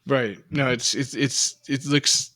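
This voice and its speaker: A man's voice: mid-range voice, fairly even intonation, slow pace, pushed and bright. A middle-aged man co-hosting a podcast, rambling and self-deprecating in casual chat. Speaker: podcast co-host.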